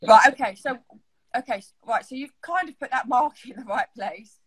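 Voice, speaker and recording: A woman's voice: fairly high pitch, normal speed, a bit bright, breathy edge. A woman vlogger chatting and joking casually while doing makeup, giggly and teary-eyed from laughing.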